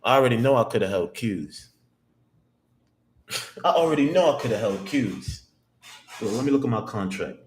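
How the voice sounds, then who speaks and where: A young man in his twenties livestyle-narrating his day trades to himself, slangy and full of swearing, repeating lines and jumping into high excited yelps. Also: moderate pace, long pauses, a little hiss or hum. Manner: excitable, swears constantly, bursts into high hyped shouts. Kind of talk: live trading vlog, talking to himself.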